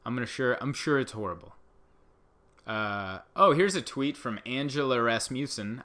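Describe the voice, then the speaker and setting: A man doing a casual comedic monologue, rambling and exasperated, jumping into high mock outbursts. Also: lively intonation, normal speed, sharp tone. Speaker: comedian host.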